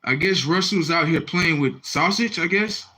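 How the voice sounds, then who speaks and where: A young man on a live stream, reacting to viewer comments in a confrontational, repetitive rant with loud outbursts. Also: fairly high pitch, normal speed, slightly rough, poor audio. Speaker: livestreamer.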